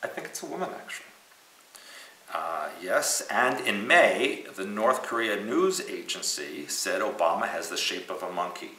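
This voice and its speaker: A man's voice: on the low side, moderate pace, recorded from a distance. A man hosting a casual news commentary show, joking and teasing as he talks. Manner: joking, animated, teasing asides. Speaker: host. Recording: echoey room, off mic.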